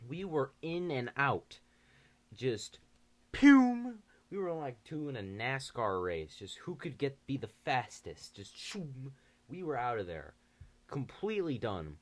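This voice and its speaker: A young man telling a story on his channel, animated and full of swearing. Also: medium pitch, a little slow. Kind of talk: casual storytime.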